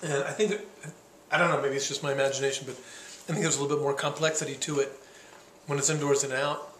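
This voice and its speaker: A man's voice: medium pitch, steady tone, fast, a bit bright, reverberant, slight background noise. A man tasting wine and describing it, thoughtful and hesitant, searching for words. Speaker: guest taster. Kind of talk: casual tasting chat. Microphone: handheld camcorder.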